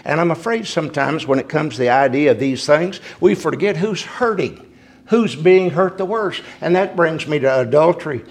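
A man delivers a sermon. His voice is a little high and gravelly with fry. He climbs into forceful emphasis, then falls back to quiet storytelling. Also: lively intonation, moderate pace. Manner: preaching that rises to emphatic peaks and drops to quiet storytelling. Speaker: preacher.

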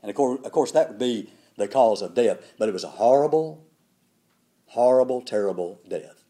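Emphatic preacher man with a mellow voice. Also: lively intonation, normal speed. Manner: dramatic pitch swings, emphatic repetition. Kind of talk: sermon.

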